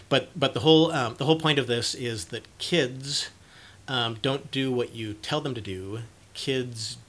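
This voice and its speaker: Bright-voiced man, halting casual talk. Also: lowish voice, slight background noise. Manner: hesitant, many fillers and restarts; animated when acting out excited parents. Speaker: video presenter on cluttering.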